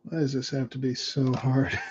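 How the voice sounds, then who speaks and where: A man's voice: mid-range voice, fairly even intonation, measured pace, darkish tone, muffled recording, a little hiss or hum. An American man chatting casually and self-deprecatingly while painting miniatures on a livestream.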